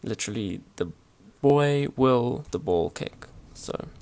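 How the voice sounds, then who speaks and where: A man explaining grammar over his slides in a relaxed, hesitant way, with many fillers and restarts. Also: medium pitch, slow. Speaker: language teacher. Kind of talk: casual slide-based language lesson.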